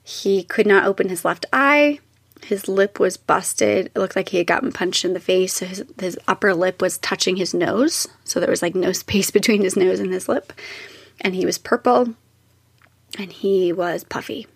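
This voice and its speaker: Gravelly-voiced young mother recounting a birth. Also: mid-range voice, moderate pace, dry recording. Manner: emotional, tearful at times, quotes others in lively voices. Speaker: mother telling her birth story. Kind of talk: casual personal storytelling.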